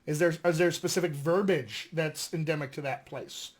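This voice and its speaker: A man who coaches dialects, speaking in a mostly General American accent and teaching a casual recorded lesson in a lively, conversational way with frequent fillers. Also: fairly high pitch, normal speed. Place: filmed at home with flashcards.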